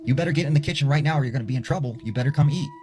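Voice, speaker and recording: A man's voice: on the high side, rapid-fire, noisy background, voice pushed up, lightly acted. A man voicing a mother who bossily calls her son in to eat, in a casual spoken ghost story. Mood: bossy.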